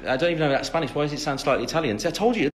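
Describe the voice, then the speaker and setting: A man's voice: on the high side, expressive, very fast. A young man from the English West Midlands with an English accent, chatting on a phone livestream and reading out fan questions between lots of ums. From England, West Midlands. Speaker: singer answering fans on a livestream. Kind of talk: casual live-stream Q&A.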